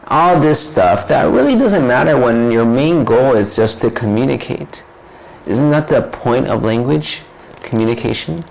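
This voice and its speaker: With a gravelly mid-range voice over poor audio, this male vlogger muses casually on his ideas. He wanders off into tangents and keeps asking rhetorical questions.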